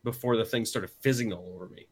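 A man co-hosting a casual podcast, deadpan and fond of repeating phrases for comic effect. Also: on the low side, fast talker, crowd noise. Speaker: podcast co-host.

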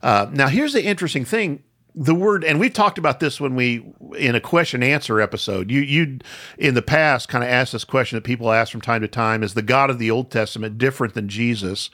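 A man of middle pitch who teaches scripture in a relaxed, conversational way. He circles back on his phrases and slows down to stress the key ideas. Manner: thoughtful, with frequent restarts and slow emphasis. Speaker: podcast host and Bible teacher.

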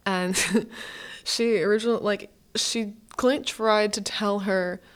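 A woman's voice: mid-range voice, fairly even intonation, slow, smooth. A woman student hosting a podcast, chatting casually and gushing as a fan, with lots of "like" and restarts. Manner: chatty, gushing, heavy use of "like". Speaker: podcast host.

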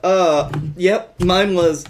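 A man's voice: high voice, drawn-out words. A man co-hosting a podcast, recapping a movie with dry sarcastic asides. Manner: wry, sarcastic, hesitant with fillers. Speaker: podcast co-host. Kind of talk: casual movie review chat.

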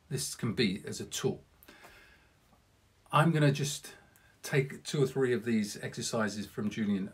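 A man's voice: medium pitch, breathy edge. A man giving an earnest, encouraging podcast lesson on public speaking as a coach, talking directly to the listener with self-deprecating asides.

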